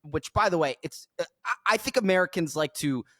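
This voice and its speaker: A man hosting a podcast rants bluntly, leaning hard on his points. His voice sits fairly high and swings up and down a lot. The sound is close and dry. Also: lively intonation, brisk, sharp tone, no room sound. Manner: emphatic ranting, blunt. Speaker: podcast host. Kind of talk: casual chat.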